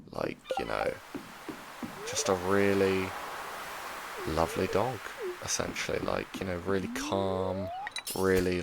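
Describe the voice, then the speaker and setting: A man hosting a gaming channel, telling rambling, chatty stories with plenty of fillers in relaxed commentary meant for sleep. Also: low voice, creaky, background noise. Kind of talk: relaxed commentary over gameplay, made for sleep. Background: music.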